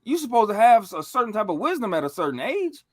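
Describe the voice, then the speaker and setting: A man on a podcast telling stories in a casual, animated way, full of slang and profanity. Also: sits high, quick pace, dry recording, studio quality. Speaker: podcast co-host.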